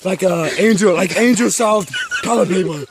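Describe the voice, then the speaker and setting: A man's voice: sits high, normal speed. A man putting on a crude, boastful action-star character on a nature walk, rambling profanely and laughing at his own jokes outdoors on a trail. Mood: griping. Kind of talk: improvised comedy walk-and-talk. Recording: clear outdoor background noise.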